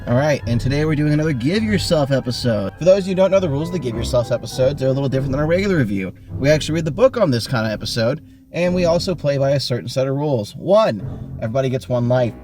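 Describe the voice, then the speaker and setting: Man, podcast host, theatrical read-aloud, mid-pitched voice, background music. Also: lively intonation, rapid-fire. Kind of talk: reading a gamebook aloud.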